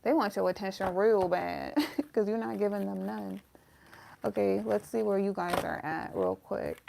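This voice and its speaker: A woman's voice: mid-range voice, animated, moderate pace, creaky, background noise. A woman giving a casual, emotional tarot reading, talking straight to her viewers with some swearing. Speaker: tarot reader.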